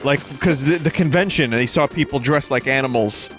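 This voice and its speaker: A man's voice: medium pitch, fairly quick, a bit bright, soft background music. Swearing, jokey man from New York. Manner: loose, swearing, jokey storytelling. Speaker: streamer. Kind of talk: casual chat while gaming.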